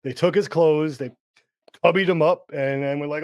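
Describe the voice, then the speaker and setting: A man's voice: a little high, moderate pace, dry recording, highs cut off. A man co-hosting a podcast, telling a story casually from his outline with many fillers and restarts. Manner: relaxed, rambling with many fillers. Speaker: podcast co-host.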